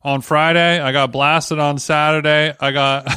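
Podcast co-host, male, hungover, wry and profane; smooth voice, dry close sound. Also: a little high, level tone, a little slow, bright, forceful tone, no room sound. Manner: joking, wry, swears casually. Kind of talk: casual banter.

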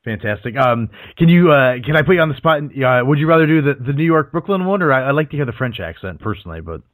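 Playful male host, lively pitch. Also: fast, no room sound. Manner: playful, joking. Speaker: interview host. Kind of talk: casual interview chat.

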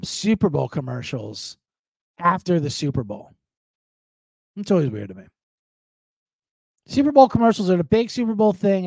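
Male podcast host at home, casual profane monologue, high lively voice, dry sound. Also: vocal fry, husky, no echo. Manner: profane, jokey, animated rambling.

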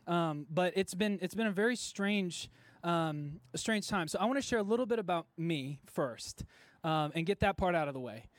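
A worship pastor from Texas gives a chatty, self-deprecating sermon to a church congregation, with many fillers and frequent laughs. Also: male voice, sits high, expressive, moderate pace, no echo. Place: church service before a congregation.

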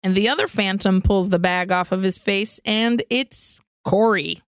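A woman's voice: mid-range voice, steady tone, unhurried, clean tone, no room sound, studio quality. A woman co-hosting a podcast, animatedly retelling a film plot in casual chat and swearing freely. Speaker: podcast co-host.

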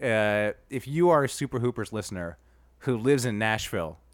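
Young male podcast co-host, lively pitch, dry close mic, rambling defensive banter. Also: moderate pace, no room sound. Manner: defensive, rambling, repeats himself.

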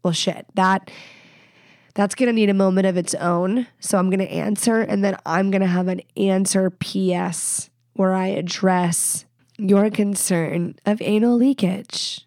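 A woman's voice: mid-range voice, fairly even intonation, darkish tone, dry recording, clean studio sound. Congested, blunt woman podcast host. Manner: blunt, candid, quick asides. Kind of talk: casual advice chat.

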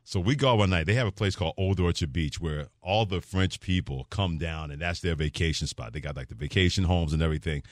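Low-voiced male radio host, dry studio. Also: fast talker, hardly any pauses, no echo. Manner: animated storyteller who acts out quoted voices. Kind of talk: radio talk show storytelling.

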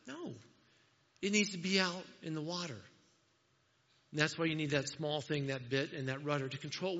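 Bright-voiced man preaching in a hall. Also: high voice. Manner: conversational, self-deprecating, asks the congregation questions. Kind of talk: sermon. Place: church sanctuary. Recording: muffled sound in a large hall.

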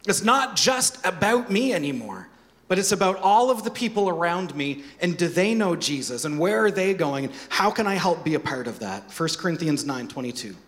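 A man preaching a sermon as pastor, animated, with joking asides and repeated words. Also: sits high, moderate pace.

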